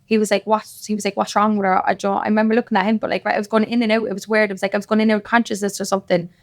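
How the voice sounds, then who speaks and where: A woman's voice: medium pitch, little pitch movement, no room sound, clean studio sound. A woman with a Cork accent, a podcast guest telling her story casually, quoting other people's words as she goes. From Ireland. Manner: rapid, with quoted dialogue. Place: podcast studio.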